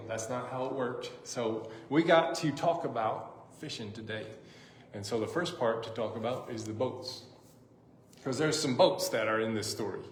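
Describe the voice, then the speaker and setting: A man's voice: medium pitch, slight background noise. A man preaching a casual sermon as pastor, chatty and joking, with lots of "like" and "um" fillers. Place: church sanctuary. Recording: echoey church room, faint ambience.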